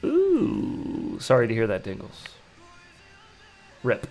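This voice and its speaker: A man hosting a live stream, hoarse from losing his voice, greeting chat viewers by name in a laid-back way. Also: mid-range voice, moderate pace, over music.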